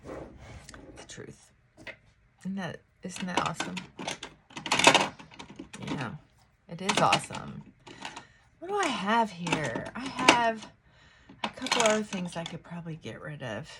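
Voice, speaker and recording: A woman vlogger chatting slowly and casually at home while she gets ready in the morning, stopping now and then to talk to her dog. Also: on the low side, big pitch swings, very noisy. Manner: slow, chatty, talks to her dog between thoughts.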